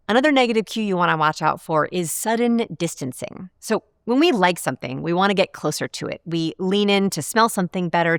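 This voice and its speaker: A woman behavioral researcher giving an instructional talk to camera, clear and measured, slowing down to stress key points. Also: lowish voice, dry recording, clean studio sound. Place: studio.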